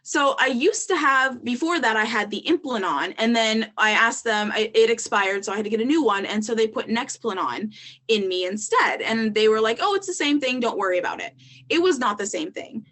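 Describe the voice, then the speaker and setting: A woman's voice: fairly high pitch, moderate pace, a bit bright. A young adult woman, a podcast guest, telling her story in candid casual talk, with frequent ums and likes.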